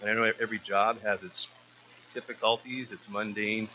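A man's voice: on the low side, level tone, moderate pace, bright, forceful tone, muffled recording, a little hiss or hum. A man giving an informal sermon to his church, earnest and often repeating words as he restarts. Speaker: church speaker.

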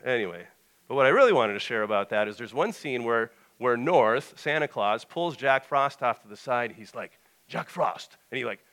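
A man's voice: medium pitch, animated, moderate pace, a bit bright. A young male pastor preaching a conversational sermon, reading a short passage and then telling anecdotes.

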